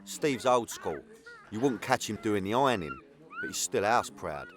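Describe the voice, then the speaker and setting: A man's voice: fairly low pitch, huge pitch swings, moderate pace, slight background noise. A man with a Cockney accent giving scripted first-person documentary voice-over in a conversational way. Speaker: documentary narrator. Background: guitar music bed.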